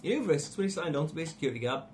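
A man's voice: a little high, very animated, very fast, a little mellow. A British man playing a tabletop game, blunt and scheming in casual chat. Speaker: player. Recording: noisy home recording.

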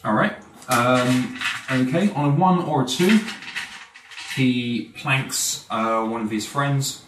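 A man runs a tabletop session as game master. He jokes and swears as he works through rolls and rules. His voice is picked up from a distance in an echoey room with faint background noise. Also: medium pitch. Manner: joking, swears freely, quick rules asides. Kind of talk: running a tabletop game, casual and profane.

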